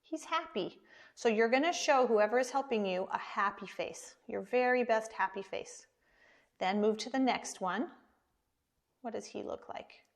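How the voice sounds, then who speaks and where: An American woman teaching an online preschool lesson, speaking slowly and encouragingly to small children. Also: on the high side.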